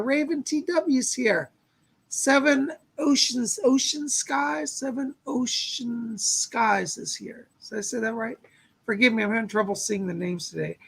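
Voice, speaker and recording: A man's voice: very high-pitched, vocal fry, pushed and bright, husky. A man in his sixties hosting a live-stream chat as a psychic medium, gushing and exclamatory as he greets viewers.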